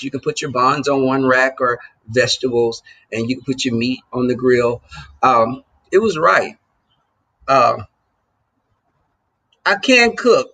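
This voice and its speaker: A man's voice: mid-range voice, creaky, bright, forceful tone, husky. A man hosting a livestream, chatting loosely and jokingly with his viewers. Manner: loose and joking, talks straight to the chat. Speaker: livestream host. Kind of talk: casual chat with live viewers.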